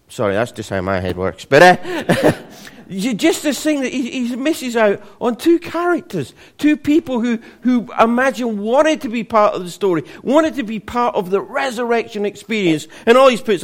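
A man preaching a sermon in a relaxed, conversational way, with jokes and frequent restarts. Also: very high-pitched, normal speed. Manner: conversational, humorous storytelling with many restarts.

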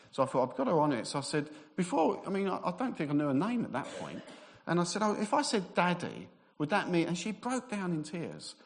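A man preaches in a loose, storytelling manner, slipping into the voices of the people in his anecdotes. His voice sits at an ordinary pitch, and it rings out with the long reverb of a large church hall. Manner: conversational storytelling, acts out quoted voices. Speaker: minister. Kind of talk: sermon with personal stories.

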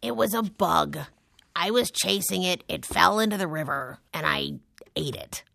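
A woman voicing a boastful young boy lizard in a cartoon who tells his stories with excitable drama. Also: lowish voice, normal speed, creaky, full character voice. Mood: defensive. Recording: cartoon soundtrack with music.

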